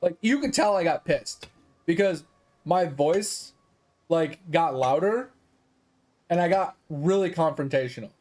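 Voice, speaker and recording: A man's voice: fairly high pitch, measured pace, pauses often, darkish tone. A man streaming games, ranting in casual chat, exasperated and swearing freely. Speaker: gaming streamer.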